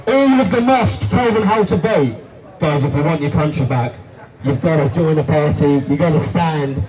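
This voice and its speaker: A man giving a rousing political rally speech, repeating lines and calling the crowd guys. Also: a little high. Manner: forceful, repetitive, rousing, addresses crowd as guys. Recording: distant voice with faint crowd noise.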